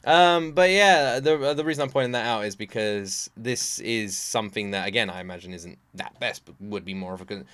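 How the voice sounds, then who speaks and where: A man hosting a casual reaction video, excitable and laughing often, with rambling restarts. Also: fairly low pitch, moderate pace, hardly any pauses, clean tone, dry recording. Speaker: reaction channel host.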